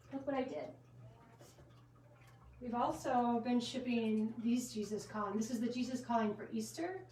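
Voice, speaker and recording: A woman with a slightly high voice hosts a live sale from inside her gift shop. She chats casually, giggles and drifts off on side topics as she shows items. Her voice echoes around the room and sits a little far from the mic, over faint background noise. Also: dark tone. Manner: chatty, giggly, goes off on tangents. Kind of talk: casual live-stream product showcase. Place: inside a small gift shop with a trickling fountain.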